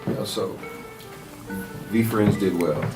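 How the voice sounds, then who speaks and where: A man's voice: fairly low pitch, takes it slowly, a little mellow. A man interviewing in a casual way, hesitant and thinking aloud as he talks. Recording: distant mic with music.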